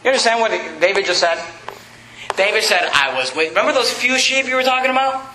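A young man preaches an emphatic sermon in a high, very bright voice. He drives his points hard and stumbles over repeated words as he goes. The sound carries the echo of a large room, with faint noise underneath. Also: fast. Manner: emphatic, animated preaching with frequent stammered repeats. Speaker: pastor.

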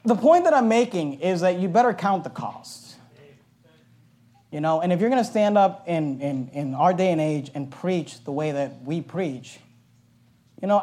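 A middle-aged man preaching a sermon as a pastor, telling a personal story in a loud, emphatic, conversational way with asides. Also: sits high.

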